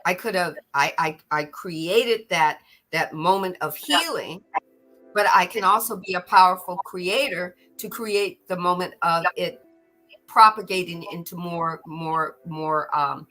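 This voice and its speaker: A middle-aged woman hosts a spiritual podcast, speaking earnestly with a bright, forward tone. She often doubles back on her words. Faint music sits behind her. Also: lowish voice, measured pace. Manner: earnest, repeats words when stirred. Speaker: podcast host. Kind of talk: spiritual talk.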